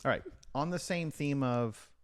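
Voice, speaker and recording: A man's voice: mid-range voice, unhurried, clean tone. A middle-aged man hosting a casual podcast chat, teasing and quizzing his daughter on history. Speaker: podcast host.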